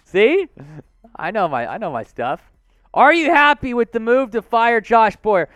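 A man hosts a live sports stream in a strikingly high, bright voice. He talks at an unhurried pace that swings widely in pitch and bursts into excited shout-outs. The sound is dry and close, with faint music underneath. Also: clear, resonant tone, dry recording. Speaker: host.

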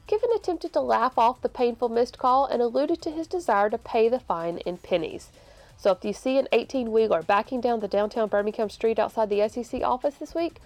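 A woman delivers a scripted sports roundup with a wry, sardonic edge. Her voice sits somewhat high, and faint music plays beneath her. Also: darkish tone, no room sound. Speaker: sports reporter. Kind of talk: scripted news report.

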